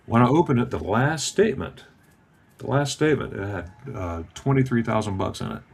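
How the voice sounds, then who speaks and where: A man's voice: medium pitch, animated, a little fast, creaky, husky. A man in his fifties from Florida, telling a personal story in a casual chat and acting out the voices of the people in it. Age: 50s. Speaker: guest.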